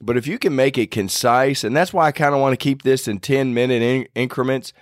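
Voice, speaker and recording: A man's voice: medium pitch, fairly quick, dry recording, studio quality. A man hosting a casual devotional talk in a folksy, self-deprecating way, rambling a little and restarting sentences. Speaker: faith podcast host.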